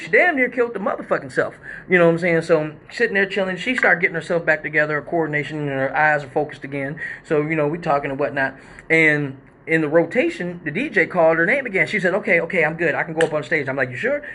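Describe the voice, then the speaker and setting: A man hosting a live show, telling a story in a casual, animated, profane way and acting out quotes and sound effects. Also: fairly high pitch, fast talker, slight background noise.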